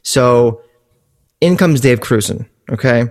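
Male podcast co-host, gravelly voice, loose jokey delivery, casual chat. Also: mid-range voice, animated, a little mellow. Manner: jokey, rambling, quick asides.

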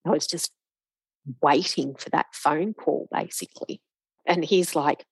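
A woman's voice: low voice, steady tone, unhurried, slightly rough, dry recording, low-quality recording. A middle-aged woman, a guest telling her own story, acting out the voices of the people in it. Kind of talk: emotional personal storytelling.

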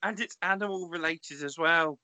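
A man co-hosting a casual podcast, telling odd news with deadpan dark humor. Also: on the high side, normal speed, no room sound. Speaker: podcast co-host. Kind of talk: casual comedic chat.

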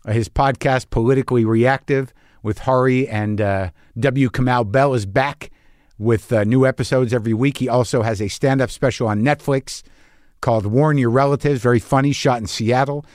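A man's voice: medium pitch, fairly even intonation, normal speed, darkish tone, no room sound, clean studio sound. A man hosting a podcast, telling a comic story in a profane, self-mocking rant. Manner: profane, self-deprecating ranting. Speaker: podcast host. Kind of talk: comic monologue.

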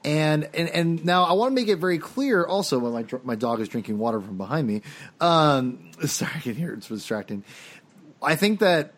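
A man with a slightly raised pitch talks through his film opinions in a loose, casual way. He rambles and restarts often, circling back over the same points. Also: expressive, a little fast. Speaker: podcast co-host. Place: home, dog heard drinking behind him.

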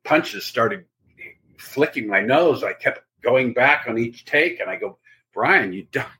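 A man, an actor guest on an interview show, telling a rambling, animated anecdote in casual chat. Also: medium pitch, measured pace, slight background noise.

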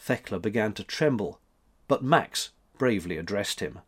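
A man narrating a children's storybook in an expressive way. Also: on the low side, normal speed, slightly rough. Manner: expressive, lively.

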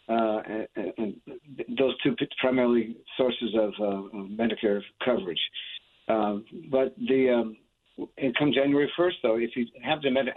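A man's voice: mid-range voice, a little hiss or hum. A man being interviewed on the radio as a Medicare specialist, explaining plans steadily with many uh's and restarts. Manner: explanatory, with frequent fillers and restarts. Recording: tinny phone line.

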